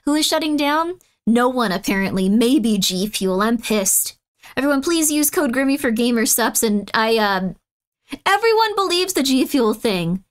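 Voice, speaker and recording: This is a woman with a high, light voice, chatting casually on a live stream. She reacts to her chat in an excitable, playfully indignant way. She swings from loud exclamations to mumbled asides. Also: moderate pace. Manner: excitable, mock-outraged, swings between loud and muttered.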